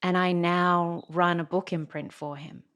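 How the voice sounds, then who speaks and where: Woman host with a low-pitched voice. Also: level tone, measured pace, a bit bright, clear, resonant tone. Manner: chatty, shares personal anecdotes. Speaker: podcast host. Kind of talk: casual interview conversation.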